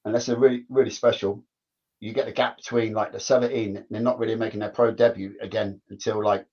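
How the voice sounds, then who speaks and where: A man's voice: lowish voice, little pitch movement, fast, darkish tone. A man, a former footballer telling stories in casual chat, rambling and repeating himself. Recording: dull lo-fi sound.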